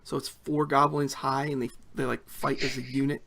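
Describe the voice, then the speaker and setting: A man narrating a tabletop game as game master, telling the scene with animated storytelling. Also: mid-range voice, normal speed, gravelly.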